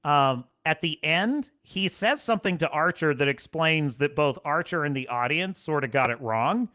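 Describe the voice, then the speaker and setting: A man hosting a livestream show, chatting casually in a rambling, animated way and laughing often. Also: on the high side, moderate pace.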